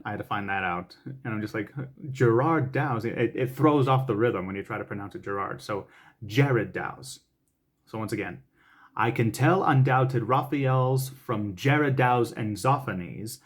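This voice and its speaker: A man's voice: fairly low pitch, a bit bright. A man who is a voice actor, casually coaching tongue twisters on camera in a playful way, laughing often and reciting the lines with rising energy.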